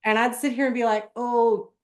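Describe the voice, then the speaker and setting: A woman hosts a podcast in a relaxed, conversational way. She laughs often and pokes fun at herself as she talks. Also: medium pitch, moderate pace. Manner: laughs often, self-deprecating. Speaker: podcast host.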